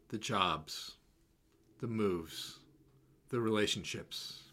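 A man preaching a sermon in a slow, measured, reflective way, letting repeated words fall soft and quiet. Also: fairly low pitch.

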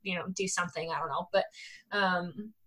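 A woman's voice: fairly low pitch, steady tone, normal speed, bright, forceful tone, husky. A woman co-hosting a podcast in casual chat, talking in a rambling way with lots of "like" fillers and frequent laughter. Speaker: podcast co-host. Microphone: remote call mic.

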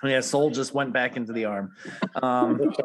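A man in his forties co-hosting a podcast, chatting casually and telling stories with animated energy and easy laughter. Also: medium pitch, a little slow, crowd noise. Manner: animated storytelling, laughs easily. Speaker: podcast co-host. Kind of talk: casual chat.

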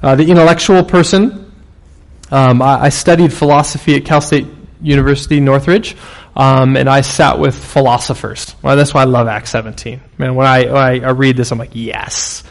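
A man in his thirties delivers a sermon with a gravelly, fry-tinged voice at an everyday middle pitch. He talks casually and tells stories, then jumps up in force on the lines he wants to land. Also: steady tone, moderate pace. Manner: conversational, storytelling preacher with sudden bursts of emphasis. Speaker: pastor.

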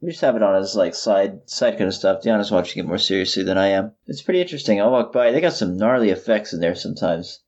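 A man's voice: on the low side, fast talker, hardly any pauses, a little mellow, muffled recording. A man co-hosting a podcast, laid-back and easygoing in casual chat, laughing along. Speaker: podcast co-host.

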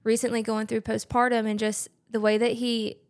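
A woman's voice: a little high, level tone, normal speed. A young woman, a podcast guest talking earnestly in a casual conversation. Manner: earnest, many "like" fillers.

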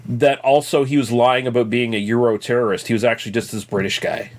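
A man's voice: mid-range voice, level tone, fast. A man co-hosting a podcast, talking about a movie in a laid-back, agreeable way with lots of fillers. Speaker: podcast co-host. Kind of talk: casual movie review chat.

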